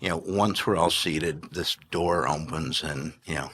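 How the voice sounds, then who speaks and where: A man in his sixties, telling stories as an interview guest, animated, often laughing and restarting his sentences. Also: extremely low pitch, measured pace, breathy edge. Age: 60s. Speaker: investment manager and podcast guest. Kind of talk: anecdotal interview storytelling.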